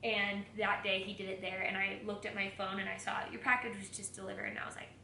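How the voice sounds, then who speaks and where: A young woman with a bright, forceful voice talks loosely and giggles between stories as she cooks. She swears without a second thought. The kitchen rings with echo, and a faint room hum sits behind her. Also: medium pitch, little pitch movement, fast talker, creaky. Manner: candid, giggly and profane. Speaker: vlogger. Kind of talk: casual chat. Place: home kitchen.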